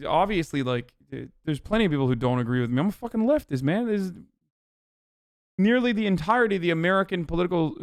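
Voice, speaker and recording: A man's voice: on the high side, no echo, studio quality. A young man hosting a live stream, ranting with profanity and exasperation at his chat. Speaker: livestream host.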